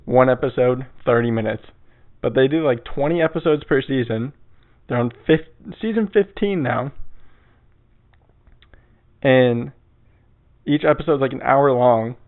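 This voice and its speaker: A man's voice: medium pitch, moderate pace, long pauses. Rambling, profane young man on a tinny line. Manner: rambling, profane, laughs at himself. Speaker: podcast host. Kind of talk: casual solo podcast rambling. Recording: tinny phone-like sound.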